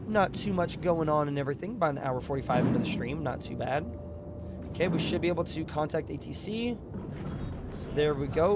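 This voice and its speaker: A man's voice: fairly high pitch, heavy background noise. Chatty young male gamer, strained voice. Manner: chatty, talks to chat, bursts of excitement. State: voice strained from yelling. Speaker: streamer. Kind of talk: casual live gameplay commentary.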